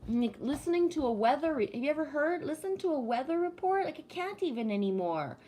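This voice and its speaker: A woman with a fairly high voice talks casually to her live-stream chat. She reads comments aloud, and her pitch climbs as she rants and swears freely. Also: sing-song, brisk, warm tone, a little hiss or hum.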